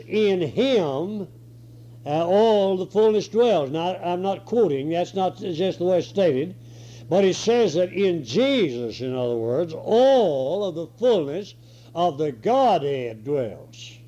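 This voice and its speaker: A man preaching a sermon and reading scripture, hoarse with a cold and clearing his throat now and then. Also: high voice, warm tone. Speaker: pastor. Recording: dull lo-fi recording.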